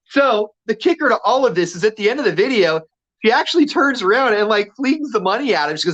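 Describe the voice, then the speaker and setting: A man's voice: high voice, expressive, quick pace, fairly bright tone, lo-fi sound. A man co-hosting a radio show, telling a story casually and acting out the quotes with energy.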